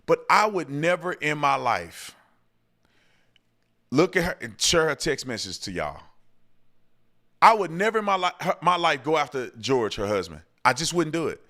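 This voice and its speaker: Bright-voiced heated male show host. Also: a little high, big pitch swings, normal speed, pauses often. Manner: heated, ranting, repeats himself. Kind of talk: commentary and viewer Q&A.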